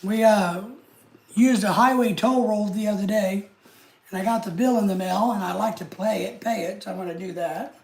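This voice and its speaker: A man's voice: sits high, normal speed, darkish tone. A man hosting a live stream, chatting casually and answering viewer comments in an easygoing way. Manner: easygoing, chatty, talks straight to the chat.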